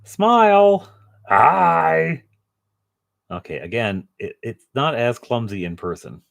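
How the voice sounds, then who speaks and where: A man's voice: on the low side, moderate pace, fairly bright tone. A man chatting casually to his viewers while painting at home, joking about himself and chuckling often. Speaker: painting vlogger.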